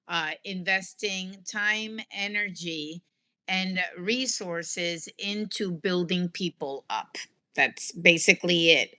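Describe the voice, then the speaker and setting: A woman's voice: mid-range voice, pushed and bright. A woman hosting a podcast who affirms and sums up her guest's points in conversation. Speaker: podcast host. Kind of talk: conversational interview.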